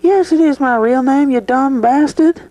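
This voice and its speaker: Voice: high voice, moderate pace, dark tone, no room sound, pitched above the performer's own voice, natural voice, low-quality recording. Someone playing a foul-mouthed, irritable film star. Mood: angry shouting. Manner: cursing and irritable. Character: crude angry male film star. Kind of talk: mock interview skit.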